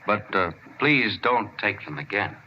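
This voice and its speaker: A calm deep-voiced doctor. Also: male voice, a little slow. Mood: soothing. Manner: calm, reassuring. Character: calm middle-aged male asylum doctor. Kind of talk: 1940s radio acting. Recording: dull old radio recording, faint hiss.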